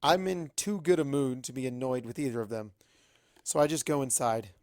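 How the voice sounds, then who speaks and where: A man narrating a fan-fiction story in first person, with a brisk, wry, chatty delivery. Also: mid-range voice, a little mellow, no echo, studio quality. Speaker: fanfic reader.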